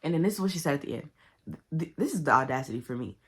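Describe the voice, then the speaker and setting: A woman casually recapping a book to camera, animated and chatty. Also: low voice, rapid-fire. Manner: chatty, animated retelling with loud quoted outbursts. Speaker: book vlogger.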